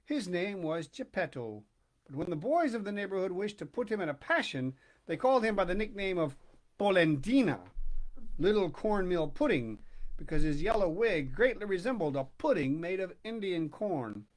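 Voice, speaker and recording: A man reading a children's storybook aloud, expressive and dramatic, with hushed pauses. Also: sits high. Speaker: narrator.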